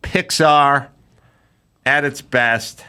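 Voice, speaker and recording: A man's voice: medium pitch, very slow, sharp tone, clear, resonant tone. A man hosting a podcast, telling a story in casual chat and acting out the quoted dialogue in big voices. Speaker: podcast host.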